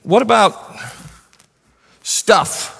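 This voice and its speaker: Bright-voiced man preaching in a reverberant hall. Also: sits high, drawn-out words, vocal fry, breathy edge. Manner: earnest, conversational preaching with asides. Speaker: pastor. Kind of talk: sermon.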